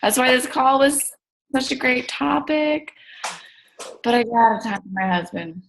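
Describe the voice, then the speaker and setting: A woman's voice: high-pitched, measured pace, gravelly, slight background noise, poor audio. A married woman talking hesitantly on a casual group video call, with many fillers.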